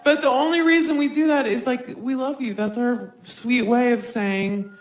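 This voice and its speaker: Animated woman doing stand-up, roomy. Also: fairly high pitch. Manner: animated, acts out quick voices for others. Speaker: stand-up comedian. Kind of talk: stand-up comedy set. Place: live comedy stage. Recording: roomy live stage sound.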